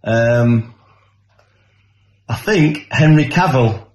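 A man's voice: mid-range voice, expressive, extremely slow, darkish tone. An older man giving a casual film review, plain-spoken and good-humoured. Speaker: guest reviewer.

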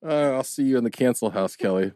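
A man's voice: mid-range voice, fast, mellow, dry recording, studio quality. A man co-hosting a podcast, joking and apologizing through fits of laughter. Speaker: podcast co-host. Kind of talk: casual studio chat.

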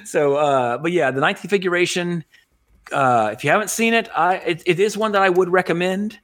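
A man's voice: sits high, moderate pace, fairly bright tone. A man hosting a podcast in casual chat, rambling and correcting himself, laughing often. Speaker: podcast host.

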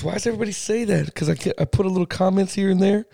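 A man co-hosting a sports podcast, animated and casual, swearing now and then as he talks football. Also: high voice, very fast, vocal fry, dry recording, clean studio sound. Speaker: podcast co-host.

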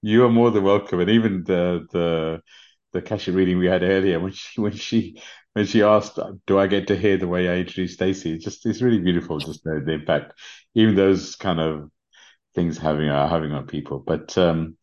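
Low-voiced British man hosting a podcast. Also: normal speed, lo-fi sound. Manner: gentle, earnest, many fillers and restarts. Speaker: podcast host. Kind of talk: casual spiritual podcast talk.

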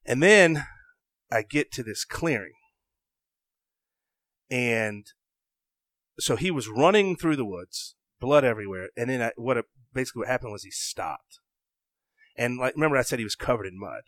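A young Southern man spins an excitable story in casual chat. He breaks off mid-sentence and acts out his own thoughts. His mid-pitched voice is recorded close and dry. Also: normal speed, pauses often, dry recording. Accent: Southern American. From American South.

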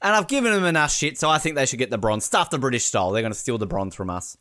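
Man, podcast host, bright sharp voice, swoopy lively pitch, dry close sound. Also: very fast, dry recording. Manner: jokey, laughing, animated. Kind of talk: casual podcast banter.

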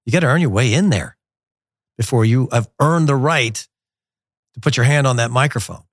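A middle-aged man hosting a soccer show in a studio, talking in an animated, digressive and blunt way. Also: mid-range voice, moderate pace, no room sound. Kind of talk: casual opinionated talk. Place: glass-walled studio in a resort. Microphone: studio mic.

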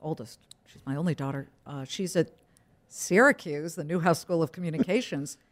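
A middle-aged woman, a news anchor, speaking as an interview guest in an emphatic, quick-witted way. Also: low voice. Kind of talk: conversational interview.

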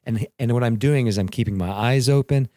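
A man in his thirties, podcast co-host and father, telling parenting stories in an animated way and acting out quotes. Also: mid-range voice, a little fast, no echo, studio quality. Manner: animated storyteller, acts out quotes, laughs. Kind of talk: casual podcast conversation on parenting and mentoring.

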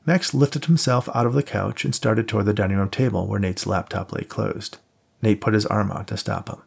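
A man narrating an audiobook in a steady storytelling manner. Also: fairly low pitch, normal speed, gravelly, husky. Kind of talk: scripted narration.

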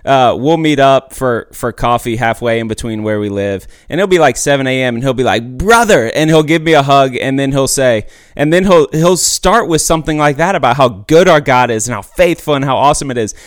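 A man hosts a podcast, chatty and emphatic, with lots of energy in his delivery. His voice sits at an ordinary middle pitch for a man. The sound is dry and close, with no room echo. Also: a little fast, few pauses, clear, resonant tone. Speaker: podcast host. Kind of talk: casual podcast chat.

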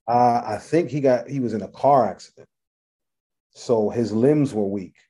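A middle-aged man, a rapper guesting on an interview, telling animated stories, acting out voices and swearing freely. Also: mid-range voice, normal speed, breathy edge. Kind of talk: casual storytelling interview.

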